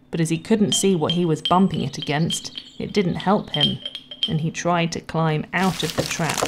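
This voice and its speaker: A woman narrating a children's storybook in a gentle, measured and expressive way. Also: low voice, background noise. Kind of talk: storybook reading.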